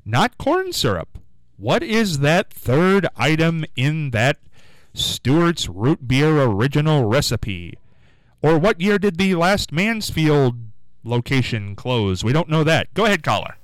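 A man hosting a live radio call-in quiz, with an upbeat, sing-song way of answering callers and a throat going hoarse. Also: fairly high pitch, slow pace, no echo, poor audio. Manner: lively, upbeat, sing-song when rejecting guesses. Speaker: radio call-in show host. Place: radio studio.

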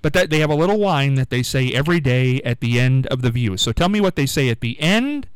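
A man's voice: mid-range voice, animated, a little fast, clear, resonant tone, dry recording, low-quality recording. A man hosting a live radio show, chatting casually and teasing his co-host. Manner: joking, teasing banter.

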